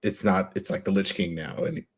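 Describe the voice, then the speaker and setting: A man's voice: low-pitched, steady tone, fairly quick, slightly rough. A man co-hosting a podcast, talking in a laid-back casual way with lots of fillers. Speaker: podcast co-host.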